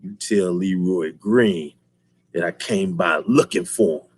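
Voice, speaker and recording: A man voicing a menacing male martial arts villain who speaks in a slow, low, threatening drawl. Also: slightly rough, no room sound.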